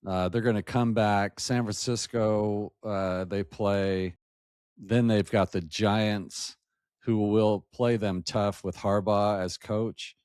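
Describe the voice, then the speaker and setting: A man, a podcast guest who hosts his own show, telling football stories in a lively, joking way over a video call. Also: lowish voice, slow pace, smooth, no echo, studio quality. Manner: lively, animated storyteller, jokey. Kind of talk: casual sports chat.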